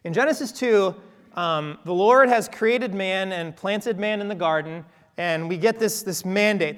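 A man's voice: high voice, big-room sound. A man preaching a sermon in a church, talking conversationally with playful asides to the congregation. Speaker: pastor.

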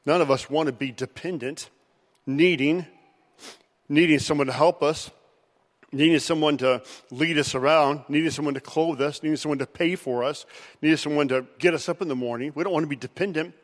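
A man preaching a sermon in an animated way, now and then acting out Bible figures' voices. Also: fairly high pitch, brisk. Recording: long hall reverb.

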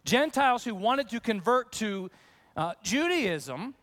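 A man's voice: high voice, measured pace. A man, a pastor, preaching a conversational sermon to his congregation, acting out voices as he goes. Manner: conversational, animated, acts out questions.

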